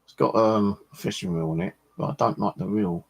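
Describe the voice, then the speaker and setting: Man, middle-aged, very low gravelly voice, rambling chatty host, swears a lot. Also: brisk, poor audio. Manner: chatty storyteller, swears freely. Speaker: fishing channel host. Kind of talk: rambling casual chat.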